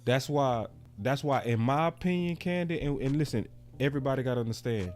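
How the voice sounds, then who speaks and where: A man hosting a sports talk show, arguing his point in a relaxed, conversational way. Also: medium pitch, brisk, faint music behind. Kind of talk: casual sports debate.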